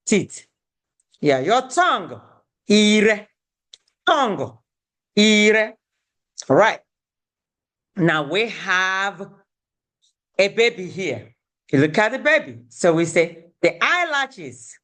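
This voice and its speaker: A woman teaches beginners at a slow, unhurried pace. Her pitch rises and falls in a lively, sing-song way as she repeats each word. She breaks the longer words into syllables so the class can follow. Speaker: language teacher. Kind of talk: beginner language lesson.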